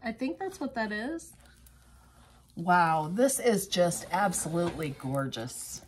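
Slow-talking, gushing woman crafter. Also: lowish voice, very animated, slight background noise. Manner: gushing, exclamatory, chatty asides to viewers. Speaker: craft vlogger. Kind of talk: casual unboxing commentary.

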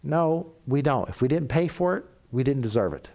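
A middle-aged man preaching a sermon in a church, telling stories and acting out quoted voices, at times dropping to a soft, confessional tone. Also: mid-range voice, sing-song, normal speed, creaky.

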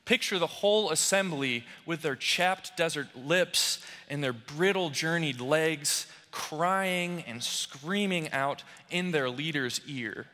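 Slow-preaching young man in a reverberant church. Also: fairly high pitch, sharp tone. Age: young adult. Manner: slow, dramatic preaching with voiced cries of the crowd. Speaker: pastoral resident. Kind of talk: sermon. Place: church sanctuary.

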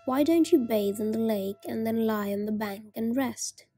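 A woman's voice: on the high side, normal speed, mellow, soft background music, close to an everyday voice. A woman voicing a cunning male water sprite in a storybook reading, asking a testing question.

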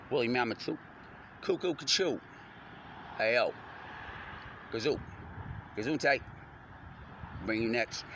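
An adult man with a pushed, bright, mid-range voice and vocal fry rambles in a slangy, freestyle stream of consciousness packed with rhyming wordplay. He's outdoors on a front porch at night, and the noisy recording picks up traffic.

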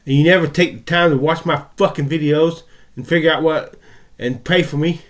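A man's voice: on the high side, fairly even intonation, normal speed. An American man ranting furiously into his camera, swearing heavily and tripping over his words. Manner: furious, profane and stammering. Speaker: vlogger. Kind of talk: angry ranting monologue.

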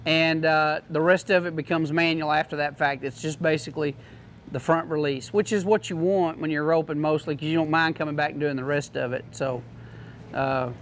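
A man's voice: fairly high pitch, steady tone, moderate pace, a little hiss or hum. A man giving a casual, joking product demo to a class, in a folksy manner. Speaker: product demonstrator.

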